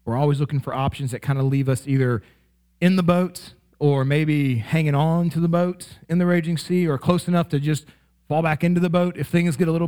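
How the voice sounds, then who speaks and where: A man delivers a sermon in a relaxed, chatty way, often checking in with his listeners. His voice sits slightly high for a man. He gets animated, leaping up in pitch when he acts out everyday examples. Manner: conversational, frequent "right?" and "like" asides; animated, rising sharply in playful examples. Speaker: pastor.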